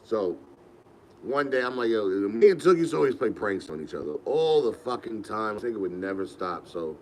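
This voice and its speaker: A man's voice: on the low side, very animated, moderate pace, a little hiss or hum, low-quality recording. A young man, hosting a podcast and telling rambling, laid-back stories with laughs. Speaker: podcast host. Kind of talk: casual storytelling.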